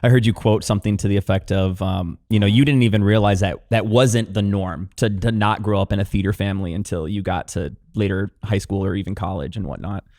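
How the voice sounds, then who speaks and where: A man hosting a podcast, asking slow, measured interview questions full of "you know.". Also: lowish voice, fairly even intonation, darkish tone. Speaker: podcast host.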